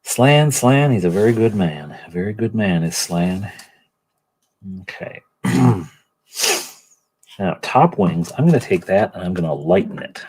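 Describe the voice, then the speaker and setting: A man's voice: deep voice, lively intonation, unhurried, pauses often, a little mellow, slightly rough. A middle-aged man hosting a livestream, painting miniatures and chatting in a rambling way while greeting viewers by name. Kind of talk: casual livestream chat.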